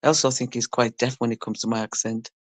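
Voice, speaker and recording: A woman with an extremely low voice talks fast and flatly during a casual livestream, chatting with her audience and going through comments. The dry recording catches her teasing viewers, laughing and dropping the odd swear word.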